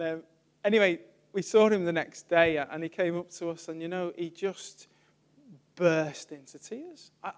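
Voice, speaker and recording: A man, a church evangelist giving an informal sermon, telling stories in a chatty way and trailing off softly. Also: fairly high pitch. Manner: chatty storytelling, laughs often, trails off softly.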